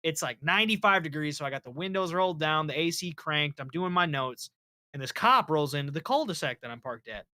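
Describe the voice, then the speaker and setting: A man co-hosting a casual live stream, telling work anecdotes in an animated way and swearing freely. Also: a little high, a little fast, no echo. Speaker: co-host.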